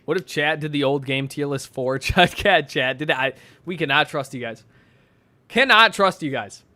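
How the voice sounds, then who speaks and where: A man's voice: on the high side, animated, moderate pace, bright, forceful tone, no echo. A young man casually chatting on a stream and reading donations, rambling and swearing with frequent laughs and fillers. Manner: rambling, profane, laughs often, many fillers.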